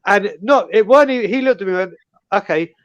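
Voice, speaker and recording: A man's voice: high-pitched, fast talker, no echo, lo-fi sound. A man from North London with a London accent, telling a laughing anecdote on a casual fan call-in show. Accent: London English. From North London, England. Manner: lively, laughing anecdote teller. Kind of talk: casual storytelling chat.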